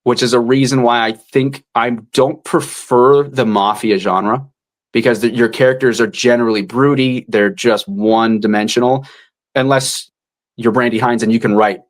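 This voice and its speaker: Male audiobook narrator, casual and animated, mid-range voice, chatty interview guest. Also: medium pitch. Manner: animated, drops into quick character voices.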